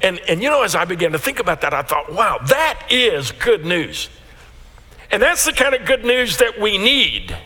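A man's voice: high-pitched, normal speed, long reverb tail. A man preaching a sermon as pastor, telling a story with frequent restarts. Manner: storytelling, animated with repeated restarts.

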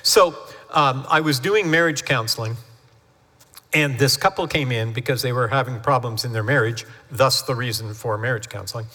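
Man preaching, fairly high bright voice, chatty storytelling sermon, long church-hall echo. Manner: chatty storytelling with lively acted-out quotes. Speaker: family pastor. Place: church sanctuary.

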